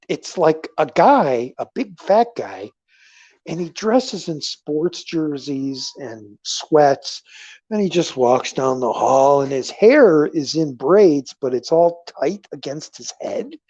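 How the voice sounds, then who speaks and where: A man hosting a casual livestream, rambling through stories with animated swings between loud remarks and murmured asides. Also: fairly high pitch, dry recording. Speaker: livestream host. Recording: dull lo-fi livestream audio.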